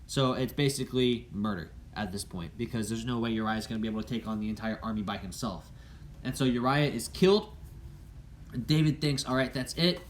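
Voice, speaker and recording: A male teacher gives a Bible lesson to high schoolers in a casual, chatty manner. He tells the story with animation and fills his talk with fillers. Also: a little fast, slight background noise. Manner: casual and conversational, with many fillers.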